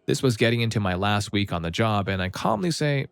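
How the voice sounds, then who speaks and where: A man reading out reader-submitted stories in a steady, matter-of-fact scripted narration. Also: on the low side, fairly quick, vocal fry, clear, resonant tone, dry recording. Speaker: story channel narrator.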